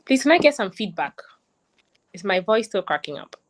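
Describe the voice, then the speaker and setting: Excited woman hosting a livestream. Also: medium pitch, moderate pace. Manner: excited, chatty, repeats phrases. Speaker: lead coach hosting an online graduation. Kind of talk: live-streamed ceremony hosting.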